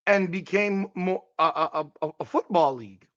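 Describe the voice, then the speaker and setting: A man's voice: high voice, moderate pace, a bit bright, no room sound, dull audio. A man hosting a podcast, giving emphatic sports commentary on a clip and repeating his points for weight. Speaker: podcast host.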